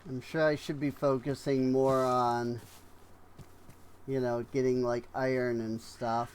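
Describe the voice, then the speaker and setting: Slow, rambling tired-sounding man gaming. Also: mid-range voice, flat delivery, a little mellow, a little hiss or hum. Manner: rambling, unhurried, many fillers and trailing thoughts. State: yawning, tired. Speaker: gaming streamer. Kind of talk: casual let's-play commentary.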